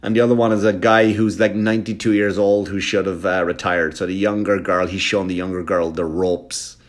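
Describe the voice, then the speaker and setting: A male comedian telling a story for laughs, swearing freely and often checking in with a quick question to the listener. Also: low-pitched. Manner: profane, animated, keeps checking in with the listener.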